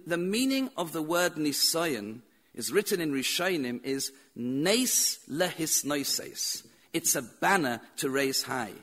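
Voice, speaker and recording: A man's voice: high voice, pushed and bright. A man teaching a Torah lecture as a rabbi, telling stories with repeated phrases and rhetorical questions.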